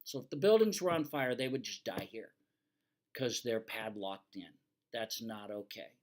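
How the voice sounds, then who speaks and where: A man's voice: on the low side, lively intonation, moderate pace. Older male fire safety instructor, plainspoken lecture, teasing, firm warnings. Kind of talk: lecture over slides.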